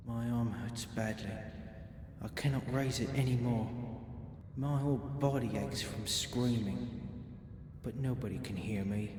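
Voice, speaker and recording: A man's voice: medium pitch, close to an everyday voice. A man voicing a dying trapped miner. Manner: slow, grim, resigned. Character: dying trapped male miner writing a diary. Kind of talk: voiced game diary reading. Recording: roomy game audio with long reverb and music.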